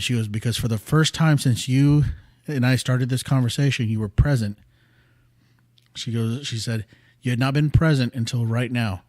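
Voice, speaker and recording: A man in his thirties tells a personal story on his podcast, earnest and rambling, his voice often falling soft. His voice sits at an ordinary middle pitch. The close mic sounds dry, with no room around it. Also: no room sound. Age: 30s. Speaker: podcast host. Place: small studio room.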